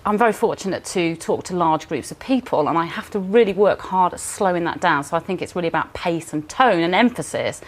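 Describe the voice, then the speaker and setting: A woman from the West Midlands with a light West Midlands accent, speaking rapidly and confidently as a studio guest. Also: lowish voice, lively intonation. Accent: light West Midlands English. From West Midlands, England.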